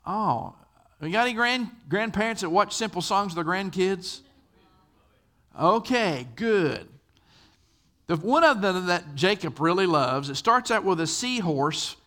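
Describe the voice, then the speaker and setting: Older pastor preaching, talks like he's chatting with the room, high voice that jumps all over. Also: animated, a little slow, sharp tone. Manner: conversational storyteller, asks the audience questions. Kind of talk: sermon.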